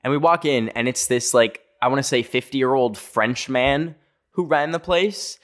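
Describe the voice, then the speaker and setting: A young man from North America tells a story in a loose, conversational way. His speech is full of fillers and quick asides, and he catches himself mid-sentence. His voice sits at an ordinary middle pitch. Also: fairly bright tone. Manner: chatty, full of "like" fillers, jumpy self-corrections. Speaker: vlogger. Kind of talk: casual storytelling.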